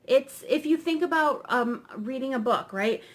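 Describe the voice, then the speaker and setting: Woman tarot reader, casual and rambling, a bit high. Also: animated, normal speed. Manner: chatty, rambling, tag questions. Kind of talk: casual explanatory lesson.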